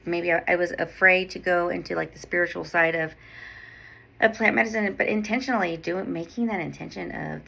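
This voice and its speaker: A woman's voice: lowish voice, brisk, vocal fry, pushed and bright, poor audio. A woman podcast host and nurse coach talking in a candid, rambling monologue, swearing freely. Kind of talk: casual monologue.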